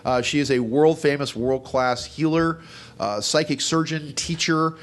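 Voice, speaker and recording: A man's voice: a little high, measured pace. A man moderating a panel at an expo, joking and rambling with many "uh" fillers as he introduces the guests.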